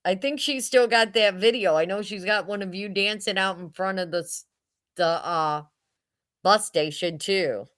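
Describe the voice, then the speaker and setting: A woman in her sixties telling family stories casually, chatty and animated, often laughing as she goes. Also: mid-range voice, moderate pace. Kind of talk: casual storytelling.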